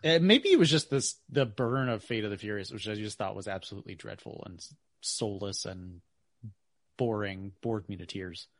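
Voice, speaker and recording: A man's voice: fairly low pitch, moderate pace, dry recording, clean studio sound. A man co-hosting a podcast in casual chat, blunt and disparaging in his opinions. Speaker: podcast co-host.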